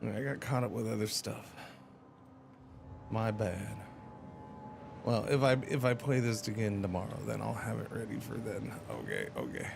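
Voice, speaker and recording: A man's voice: on the low side, lively intonation, normal speed, gravelly, pauses often, noisy background. A man streaming a game, chatting casually and rambling with playful exclamations. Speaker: livestreamer. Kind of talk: casual gaming commentary.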